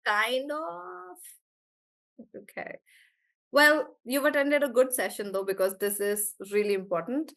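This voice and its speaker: A woman teaching English pronunciation in a live class, repeating each word slowly to model the stress and calling on students by name. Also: fairly high pitch, creaky, fairly bright tone. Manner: calls on students by name and checks in with them.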